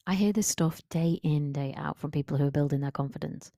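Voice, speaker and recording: A woman's voice: deep voice, a little fast, hardly any pauses, mellow, no room sound, clean studio sound. A woman confidence coach talking through a solo podcast episode in an emphatic, direct, conversational way.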